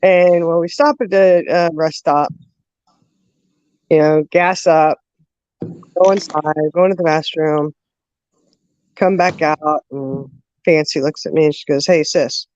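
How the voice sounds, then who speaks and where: A woman's voice: deep voice, dry recording. Woman telling a rambling laughing story. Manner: lively, laughing, drawn-out storyteller with many fillers. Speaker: host. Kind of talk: casual storytelling chat. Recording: dull lo-fi dry sound.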